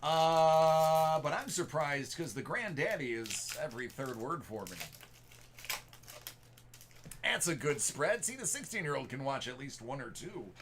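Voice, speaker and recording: A man's voice: on the high side, animated, unhurried, a little hiss or hum. A middle-aged man hosting a live card-break stream, chatting casually and informally straight to his viewers.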